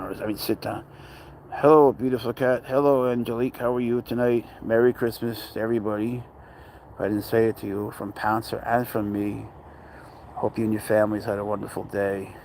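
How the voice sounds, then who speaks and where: Man, mid pitch, loose joking chatter outdoors, faint ambient noise behind. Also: a little mellow. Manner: joking, talks to his cat and greets viewers. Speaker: pet owner vlogger. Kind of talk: casual rambling chat. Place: outdoor dog park.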